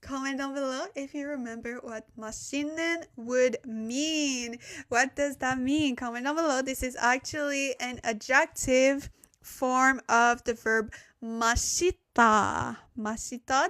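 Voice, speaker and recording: A woman's voice: sits high, fairly bright tone. A young woman, not a native English speaker, teaching a casual live-streamed language lesson at a desk mic, chatty and laughing often as she reads the chat. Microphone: desk microphone.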